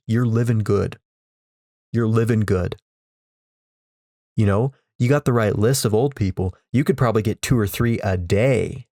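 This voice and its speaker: A man's voice: mid-range voice, creaky, darkish tone, no room sound, studio quality. A man hosting a podcast, delivering a sarcastic comedic rant into a microphone, repeating himself and swearing. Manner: ranting, repetitive, sarcastic, swears. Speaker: podcast host. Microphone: studio microphone.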